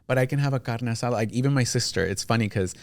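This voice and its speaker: A man's voice: medium pitch, very fast, no room sound. A young man talking as a podcast guest in a casual, heartfelt chat. He is openly emotional and acts out his family members' lines in quoted voices. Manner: openly emotional, talks about feelings.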